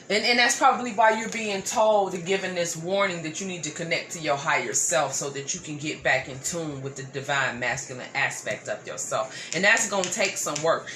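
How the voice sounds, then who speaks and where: A woman giving a collective tarot reading, sometimes slow and soothing, sometimes playful with slang. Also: low voice, a little hiss or hum. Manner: earnest, slow and soothing, with repeated phrases; playful slang and loud laughing. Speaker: tarot reader.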